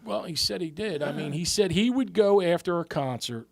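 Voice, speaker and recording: A man's voice: high voice, lively intonation, normal speed, vocal fry, no room sound, studio quality. A man co-hosting a podcast, telling long rambling stories in casual chat and swearing freely. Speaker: podcast co-host.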